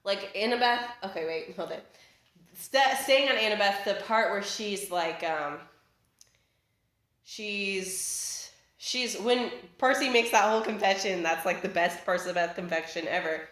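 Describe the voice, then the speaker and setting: A little slow and fairly bright in tone, this young vlogger's mid-range voice carries a rambling, casual rant recorded at home. Fillers and restarts crowd her talk, she keeps interrupting herself, and the room echoes.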